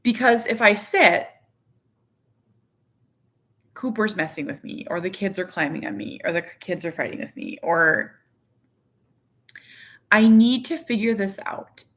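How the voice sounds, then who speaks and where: A woman in her thirties chatting casually to her viewers from her living room, rambling and animated, with lots of "like". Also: medium pitch, a little slow, pauses often. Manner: rambling, heavy use of "like"; candid, animated. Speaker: vlogger, parent.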